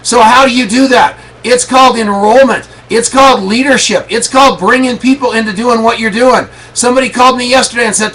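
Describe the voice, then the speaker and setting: A man's voice: very high voice, fairly even intonation, a little fast, hardly any pauses, pushed and bright, low-quality recording. A middle-aged man hosting a motivational call, emphatic and preachy, repeating his lines for effect. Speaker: network marketing leader hosting a motivational call. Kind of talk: motivational pep talk.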